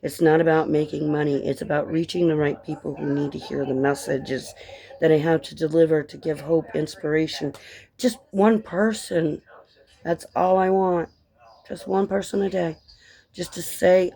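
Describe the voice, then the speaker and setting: A woman who grew up in Colorado, talking casually in a rambling vlog chat that drifts between tangents and gentle encouragement. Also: sits low, fairly even intonation, normal speed, vocal fry, breathy edge. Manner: chatty, tangent-prone, encouraging. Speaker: vlogger and author.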